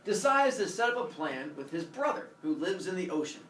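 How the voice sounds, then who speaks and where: Animated man telling a myth, echoey room. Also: high voice, a little fast, slight background noise. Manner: animated, does silly voices for each character. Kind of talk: comic classroom storytelling. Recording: echoey room from far off, faint ambience.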